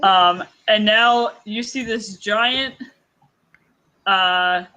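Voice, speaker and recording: A woman narrating as dungeon master, describing the scene in a relaxed way with lots of fillers. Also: mid-range voice, drawn-out words, muffled recording. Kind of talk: narrating a tabletop game.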